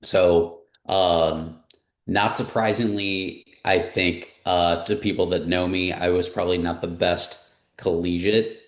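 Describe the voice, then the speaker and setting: A man's voice: low-pitched, steady tone, slow pace, echoey room. A man in his forties, a guest, telling his career story in a casual interview and acting out the people he quotes. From Missouri, US. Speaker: marketing director guest.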